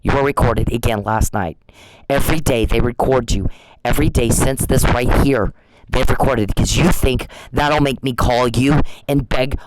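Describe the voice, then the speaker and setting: Speaking at a normal speed with fairly even intonation and a medium pitch, a man rants angrily and profanely at the person harassing him, warning him again and again. He's a vlogger, and there's noise in the background.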